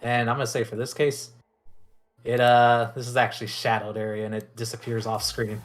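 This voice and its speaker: Halting male game master over music. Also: medium pitch. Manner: relaxed, halting, with fillers and restarts. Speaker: dungeon master. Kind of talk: narrating a tabletop game.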